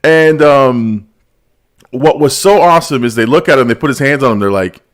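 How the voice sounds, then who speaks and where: A man hosting a relaxed podcast, talking in a mid-range voice. He tells stories animatedly, acting out lines and laughing along. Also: medium pitch, moderate pace. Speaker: podcast host. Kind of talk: casual movie review chat.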